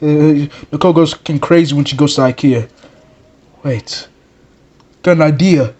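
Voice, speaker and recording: A man voicing a hot-headed, foul-mouthed male plush puppet who swears constantly and works himself up into shouts. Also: fairly high pitch, normal speed, lo-fi sound, lightly acted. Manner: swearing, excitable, rising to shouts. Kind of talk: plush puppet comedy skit.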